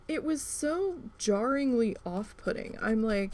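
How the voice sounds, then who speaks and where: A woman chatting casually as a crafting vlogger, rambling with lots of fillers and some swearing, getting animated as she tells a story. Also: on the low side, unhurried, vocal fry, slight background noise. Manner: rambling, profane, many "um" and "like" fillers; animated when retelling a story.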